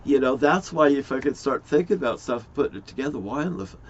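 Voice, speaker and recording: A man's voice: medium pitch, lively intonation, fast. A middle-aged man, an amateur crime sleuth, rambles in a loose, profane monologue and chuckles often. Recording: dull lo-fi recording.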